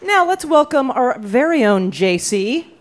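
A woman from Canada hosting a live quiz show with bright, laughing banter. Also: high voice, big pitch swings, measured pace, a loud crowd, heavy background noise.

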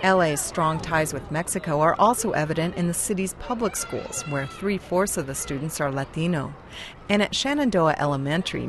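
A woman reporting as a radio news correspondent in a measured, scripted narration. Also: low-pitched, a little hiss or hum.

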